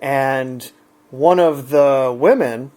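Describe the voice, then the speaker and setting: A man's voice: medium pitch, very slow, darkish tone. A man relaxedly retelling an everyday encounter in a chatty, conversational way. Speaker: storyteller. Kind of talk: casual anecdote.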